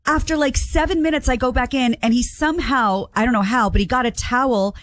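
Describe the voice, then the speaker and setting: A woman's voice: fairly high pitch, brisk. A woman co-hosting a radio show, telling a funny story in casual chat and laughing often.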